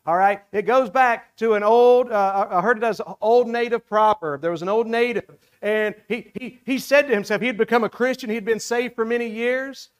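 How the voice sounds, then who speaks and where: High-voiced Southern preacher. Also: male voice, moderate pace, clear, resonant tone. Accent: Southern American. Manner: emphatic, repeating phrases, folksy asides to the congregation. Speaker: pastor. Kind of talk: sermon.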